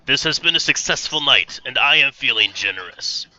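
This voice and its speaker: A man's voice: medium pitch, expressive, moderate pace, sharp tone, no room sound, voice pushed up. A man voicing a towering, scaled dragon-man warlord in a tabletop game, grandly taunting his foes. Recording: dull lo-fi recording.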